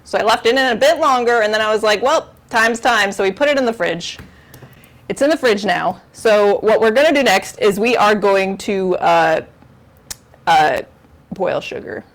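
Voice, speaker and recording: A woman's voice: medium pitch, moderate pace. A woman hosting a charity livestream from her home kitchen, chatting casually in a rambling, giggly, self-mocking way on a lavalier mic. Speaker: charity stream host.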